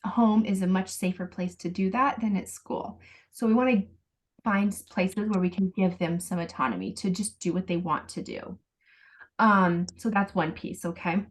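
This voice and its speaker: A woman coaching a parent over a video call. Her pitch sits in the middle, and she explains things patiently, one step at a time. Now and then she acts out the phrases a parent might say.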